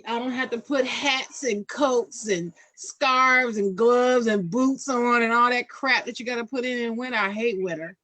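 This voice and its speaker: A woman's voice: on the high side, measured pace, hardly any pauses, pushed and bright, no echo. A woman from Ohio hosting a casual podcast chat, talking emphatically and repeating her points. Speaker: podcast host.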